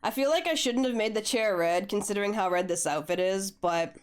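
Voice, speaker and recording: A young woman art streamer chatting casually with viewers while she draws, a little hoarse as she gets over a flu, laid-back and swearing freely. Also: medium pitch, brisk.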